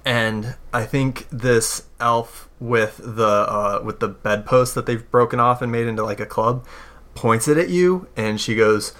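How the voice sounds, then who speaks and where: A man's voice: mid-range voice, fairly bright tone. Hesitant man running a tabletop game. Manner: halting, lots of fillers. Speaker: game master.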